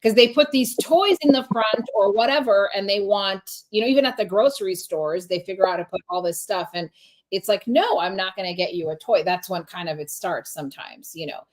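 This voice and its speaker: A woman's voice: medium pitch, brisk. Woman co-host, casual chat, rambling, trails off and restarts. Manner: rambling, many restarts and fillers. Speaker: podcast co-host.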